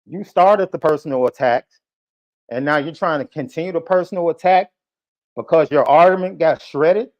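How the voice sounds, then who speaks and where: A man hosting a live podcast, ranting heatedly and repeating his taunts at a critic. His voice sits a little high. The audio is muffled and lo-fi, like a compressed stream. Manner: combative, taunting, repetitive. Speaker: podcast host.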